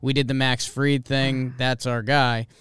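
A man co-hosting a podcast, chatting casually about baseball with quick asides and easy laughter. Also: medium pitch, little pitch movement, fairly bright tone, clean tone, no room sound. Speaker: podcast co-host. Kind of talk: casual sports chat.

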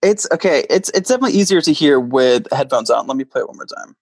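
A man's voice: mid-range voice, lively intonation, fast talker, a little mellow, slightly rough, no room sound. A man hosting a podcast, casually chatting and playfully quizzing his guest. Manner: playful, quizzing a guest with multiple-choice options. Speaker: podcast host. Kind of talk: casual chat.

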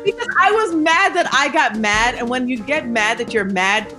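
A woman's voice: fairly high pitch, moderate pace, music in the background. A young woman, a TV writer, chatting as a podcast guest, telling stories with swearing, laughter and acted-out voices. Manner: animated storyteller, acts out voices, swears, laughs. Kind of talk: casual podcast chat.

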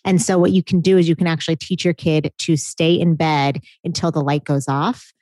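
This is a woman co-hosting a relaxed conversation. Her voice sits a little low, and the sound is dry and close. She tells stories in an animated way and laughs often. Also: moderate pace, no room sound. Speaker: podcast co-host. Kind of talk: casual chat.

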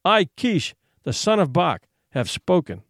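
A man's voice: high-pitched, sing-song, a little slow, a bit bright, no room sound, clean studio sound, exaggerated voice. A man reading a solemn, proud boy hunter. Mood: solemn defiant. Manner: formal old-fashioned solemn speech.

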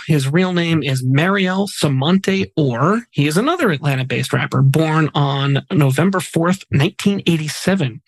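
A man's voice: fairly high pitch, dry recording, rough recording. A man hosting a podcast, casually reading out memorial facts with light jokes mixed in. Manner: reads facts in a chatty way with small jokes. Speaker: podcast host.

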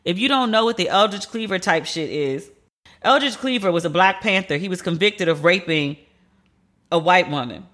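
A woman's voice: on the low side, normal speed, a bit bright. A woman hosting a podcast, giving blunt, profane and incredulous casual commentary on TV shows and the news.

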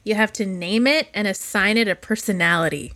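A woman's voice: mid-range voice, fairly quick, bright, forceful tone, no echo, studio quality. A woman co-hosting a podcast in casual chat, asking playful, teasing questions. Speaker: podcast co-host.

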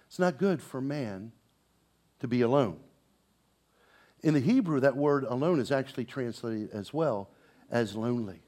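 Preaching a sermon, a pastor with a fairly high voice swings from loud proclamation to hushed, intense passages. He adds conversational asides and repeats words.

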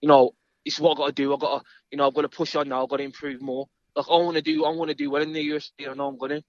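Fast-talking man, rambling. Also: mid-range voice, no echo, dull audio. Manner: rambling, repeats words, easygoing. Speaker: interview guest, fighter. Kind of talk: casual interview chat.

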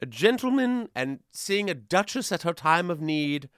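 A man's voice: fairly high pitch, sing-song, moderate pace, fairly bright tone, clear, resonant tone, no echo, studio quality. A man hosting a comedy news podcast, chatting casually and sarcastically, often breaking into laughter. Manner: sarcastic, laughing, mocking voices. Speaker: podcast host.

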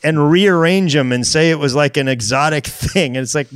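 A man's voice: on the high side, moderate pace, no room sound, clean studio sound. Wry, opinionated male podcast co-host. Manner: wry, opinionated, laughs while talking. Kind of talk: casual chat about crossword puzzles.

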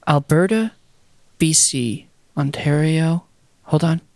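A man's voice: a little high, expressive, takes it slowly, creaky, darkish tone. A man co-hosting a podcast in casual chat, joking around and slipping into playful impressions. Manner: jokey, slips into playful Midwest impressions. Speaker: podcast co-host.

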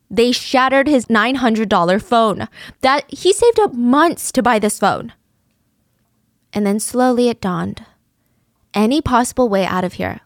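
A woman's voice: a little high, no room sound, clean studio sound. A woman narrating a true crime story in a casual, vivid, conversational way, sometimes dropping to a whisper.

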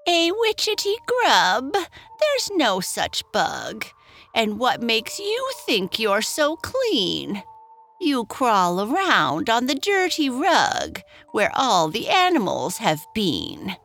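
Lady doing a cranky old witch, shrill and sulky, storybook voice, music faint behind. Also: wildly swooping pitch, slow, fairly bright tone, heavily acted. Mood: disgusted.

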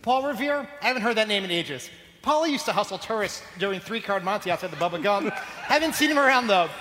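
A shifty, guarded street hustler, as a man puts him on, talks in a deadpan way. His voice is high and bright, and sounds in a reverberant hall. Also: brisk, slight background noise. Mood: cagey.

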